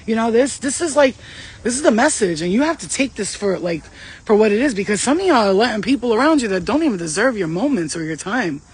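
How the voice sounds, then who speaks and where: A woman giving casual spiritual advice as a vlogger, blunt and profane, telling stories in an animated way. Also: on the high side, fast talker, breathy edge. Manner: blunt, profane, streetwise talk; animated storytelling.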